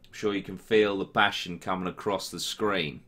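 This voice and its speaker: A man in his twenties with an English accent answers viewer questions in a casual chat, swearing freely and quickly getting worked up. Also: low-pitched, fairly even intonation, a bit bright. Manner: ranty, sweary, quick to get heated.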